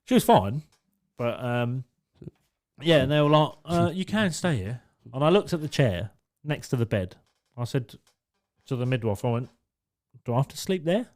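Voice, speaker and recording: Young male co-host, sarcastic and profane, animated delivery. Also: mid-range voice, normal speed. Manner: sarcastic, swearing storyteller. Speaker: podcast co-host. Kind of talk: casual chat.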